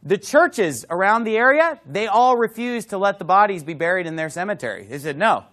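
A man's voice: sits high, very animated, brisk, a bit bright. A man preaching a sermon, emphatic, with conversational asides to the congregation. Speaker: pastor.

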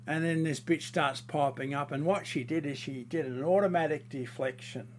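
A man's voice: fairly high pitch, moderate pace, slight background noise. A man in a casual monologue, ranting heatedly and crudely, rambling with fillers and restarts.

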